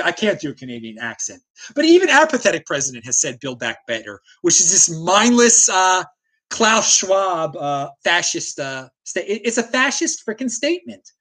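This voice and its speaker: A man's voice: sits high, pushed and bright. Guy ranting on his stream, voice swinging all over, keeps stumbling and restarting. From United States. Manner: heated, combative, with frequent stammered restarts. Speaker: host. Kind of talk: ranting livestream commentary, reading viewer chat.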